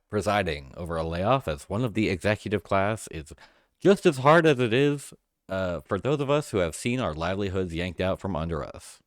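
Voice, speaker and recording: A man's voice: sits low, lively intonation, moderate pace, no room sound, studio quality. A man presenting mock awards on a live stream, talking through it off camera with many fillers and restarts, sounding emotional. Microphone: close mic, voice-over without camera.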